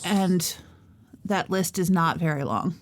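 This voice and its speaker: A woman co-hosting a comedy podcast, answering the jokes with dry, deadpan remarks. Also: fairly low pitch, takes it slowly, a little hiss or hum. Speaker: podcast co-host.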